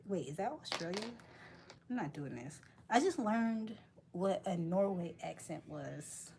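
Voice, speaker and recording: Slow-talking, playful woman. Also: lowish voice, big pitch swings, vocal fry, noisy background. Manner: playful, joking, laughs often. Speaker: vlogger. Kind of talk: casual chat while working.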